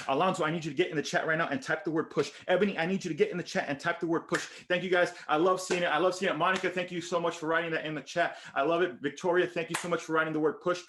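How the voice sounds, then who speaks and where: A man's voice: on the high side, fairly bright tone, a little hiss or hum. A man from the Texas border region giving an emphatic motivational keynote to students, repeating phrases and calling listeners by name over a video call. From Texas border region, USA. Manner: emphatic, repetitive storytelling that addresses listeners by name. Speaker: motivational speaker.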